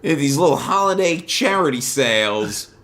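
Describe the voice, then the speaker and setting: A man's voice: on the high side, lively intonation, unhurried, fairly bright tone. A man co-hosting a comedy podcast, rambling through loose banter, swearing freely and telling stories with a lot of energy. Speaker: podcast co-host.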